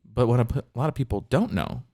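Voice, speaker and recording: A man's voice: mid-range voice, wildly swooping pitch, quick pace, vocal fry, mellow. A man co-hosting a comedy podcast with an ordinary mid-range voice. He plays along in a dry, mock-earnest tone, treating silly claims as serious facts. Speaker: podcast co-host. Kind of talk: casual comedic banter.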